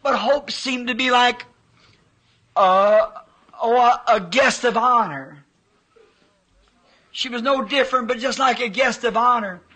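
A male preacher delivers a fervent, emotional sermon in a very high, bright voice. He speaks slowly, drawing out his testimony and acting out the quoted voices of his vision. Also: poor audio.

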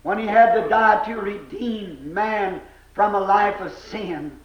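A male preacher delivers an impassioned revival sermon, breaking into shouts and then dropping to hushed, low lines. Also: takes it slowly, crowd noise. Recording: echoey, dull old sermon recording.

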